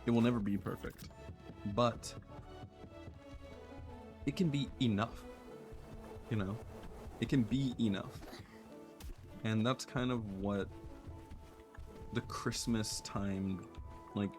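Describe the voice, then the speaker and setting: Soft-spoken low-voiced man musing while gaming. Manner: soft, earnest, rambling with many fillers and restarts. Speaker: gaming streamer. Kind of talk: reflective casual chat while playing.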